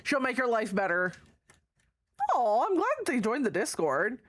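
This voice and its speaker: In studio-quality audio with no echo, a woman with a fairly high, very animated voice talks at a measured pace on her stream. She greets viewers by name, affectionately, reading chat aloud and swearing freely.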